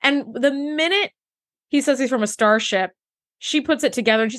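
A woman's voice: sits high, brisk, fairly bright tone. A woman co-hosting a podcast, chatting enthusiastically about an episode and swearing casually. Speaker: podcast co-host. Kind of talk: casual chat recapping a TV episode.

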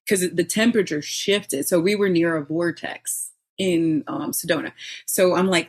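Middle-aged woman, podcast guest, candid personal story, fairly low voice, laughs often. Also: moderate pace, breathy edge.

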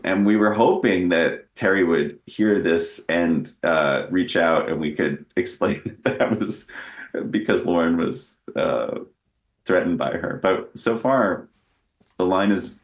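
A man's voice: sits low, a little slow, roomy sound. A man talking as a guest in a casual interview, rambling and self-deprecating, with many restarts. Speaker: guest actor.

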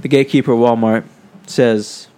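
A man's voice: medium pitch, fairly even intonation, normal speed, dark tone. A man chiming in and taking turns narrating an improvised comedy story.

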